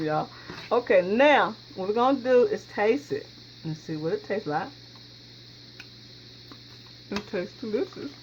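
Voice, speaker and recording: A woman's voice: medium pitch, measured pace, pauses often. A woman hosting a home cooking video, chatting folksily to viewers as she works in her kitchen. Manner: folksy, chatty, talks straight to viewers with frequent y'all. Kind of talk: casual cooking demonstration. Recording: dull lo-fi sound with steady background noise.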